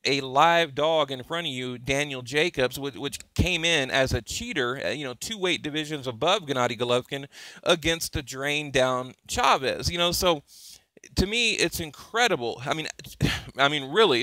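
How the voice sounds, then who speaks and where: A man talking casually to his YouTube viewers about boxing, excitable and rambling, full of fillers and restarts. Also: fairly high pitch, moderate pace, no room sound. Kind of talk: casual fan commentary to camera.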